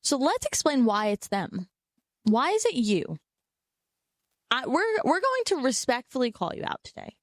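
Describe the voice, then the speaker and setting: A young woman co-hosting a chatty podcast, her voice swinging up and down with energy. She sits fairly high and sounds close and dry, cussing casually as she riffs. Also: normal speed, no room sound. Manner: animated, swears freely, mocks others in put-on voices. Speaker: podcast co-host. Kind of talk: casual chat.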